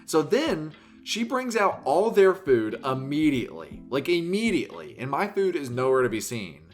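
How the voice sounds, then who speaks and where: A man's voice: fairly high pitch, big pitch swings, moderate pace, soft background music. A young man co-hosting a casual podcast, telling a story animatedly, swearing freely and mimicking other people's voices. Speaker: podcast co-host.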